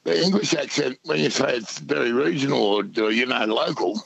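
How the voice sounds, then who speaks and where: A man's voice: mid-range voice, a little fast, gravelly, fairly bright tone, breathy edge, no echo, highs cut off. A man with an Australian accent phoning in to a radio show, laid-back and rambling with fillers. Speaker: caller.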